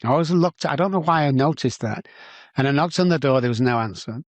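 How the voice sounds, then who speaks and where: A man's voice: medium pitch, quick pace, no room sound. A middle-aged man with a Manchester English accent, a podcast guest telling his life story with animation and acting out the dialogue. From England. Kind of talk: personal storytelling in an interview.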